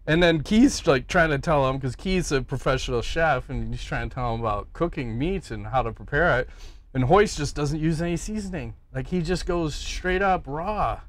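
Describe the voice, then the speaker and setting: Lively middle-aged podcast host man. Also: a little high, moderate pace. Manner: animated, swears freely, acts out quoted people loudly. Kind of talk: casual storytelling chat.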